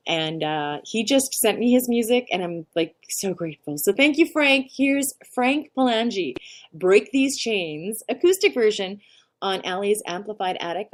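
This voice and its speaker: A woman hosting an indie music show, chatting casually and rambling as she introduces songs from home. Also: medium pitch. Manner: chatty and rambling, laughs often. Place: home during a storm.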